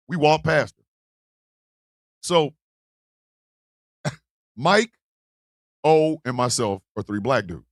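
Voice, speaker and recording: A man hosting a podcast, telling a comic story in a lively, profane way and acting out the voices of the people in it. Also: medium pitch, slow pace, pauses often, no echo, clean studio sound. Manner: animated, profane, acts out voices in his stories. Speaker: podcast host. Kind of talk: comedic storytelling.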